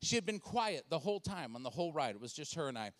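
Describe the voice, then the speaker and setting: A man's voice: on the high side, fast talker. A man in his forties from Washington State, giving a comedic church talk and acting out voices in his stories. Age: 40s. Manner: animated storytelling with acted-out voices. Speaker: speaker and comedian.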